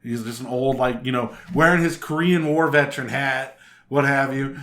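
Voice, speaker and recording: A man's voice: medium pitch, moderate pace, roomy sound. A man co-hosting a casual chat about tabletop role-playing, swearing freely and acting out quotes in funny voices. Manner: profane, animated, acts out quotes. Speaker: podcast co-host.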